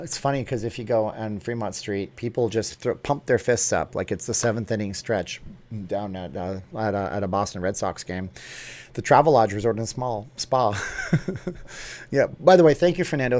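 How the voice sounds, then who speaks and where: A man's voice: medium pitch, a little mellow. A man hosting a casual live stream, chatting and joking as he answers viewer comments off the cuff.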